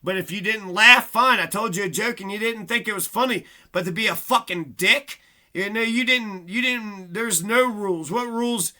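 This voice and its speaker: A man's voice: high voice, normal speed, bright, forceful tone. A man delivering a rambling, profane, aggrieved monologue as a vlogger. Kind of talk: casual ranting monologue.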